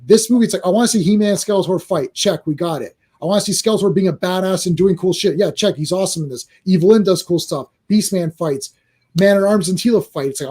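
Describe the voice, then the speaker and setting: Ranting podcast co-host, high and mellow, acts out reactions. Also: male voice, husky. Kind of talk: casual movie chat.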